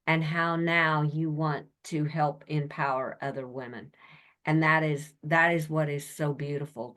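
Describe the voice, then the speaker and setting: A woman podcast host who gushes praise at her guest. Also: low voice. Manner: effusive, gushing praise. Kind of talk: interview talk.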